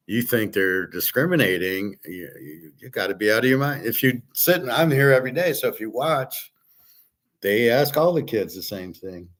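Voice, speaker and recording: A man's voice: fairly low pitch, fairly bright tone. A man hosting a casual monologue, rambling through a story with restarts and acted-out quotes. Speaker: host.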